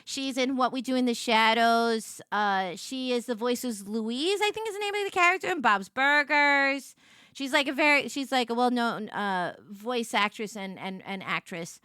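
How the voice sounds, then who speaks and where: A woman's voice: normal speed, clean tone, no echo, studio quality. A young adult woman streamer telling a story in rambling casual chat, full of restarts and fillers. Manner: chatty, rambling, many restarts and "like"s; animated, jumps into high voices for quotes.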